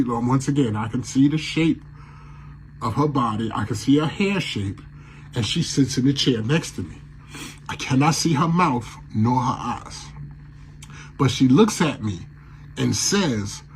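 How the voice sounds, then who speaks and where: A man telling a dream ghost story on a radio show in a casual, animated way, acting out his own shouted lines. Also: mid-range voice, a little hiss or hum, rough recording.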